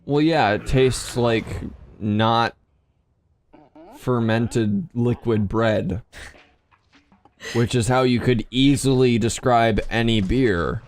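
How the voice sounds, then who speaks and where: A man's voice: mid-range voice, takes it slowly, pauses often. A man, tipsy, co-hosting a let's play at home and bantering about the game with his partner. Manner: bantering, argumentative. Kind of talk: casual gaming chat.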